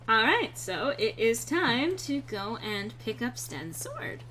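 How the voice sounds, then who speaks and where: A woman's voice: a little high, very animated, takes it slowly, few pauses, pushed and bright, a little hiss or hum. Chatty woman streaming a game. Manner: chatty, reacts and reads chat aloud, frank and swearing. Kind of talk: casual gameplay commentary.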